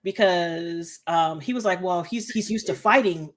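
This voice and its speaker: A woman co-hosting a casual fan discussion of a TV show, animated, laughing often and repeating phrases for emphasis. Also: lowish voice, measured pace.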